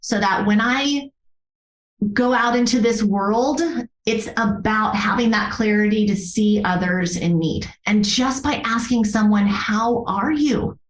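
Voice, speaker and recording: A woman's voice: mid-range voice, a little slow, roomy sound, low-quality recording. A woman who works as a yoga therapist tells a personal story as a podcast guest. She speaks earnestly and from the heart, often restarting her sentences.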